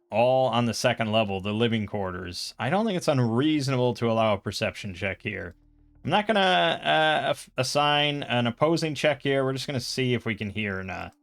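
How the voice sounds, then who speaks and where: A man's voice: mid-range voice, fairly bright tone. A man playing a solo tabletop role-playing game, reading out rules and rolls and thinking aloud in a casual way.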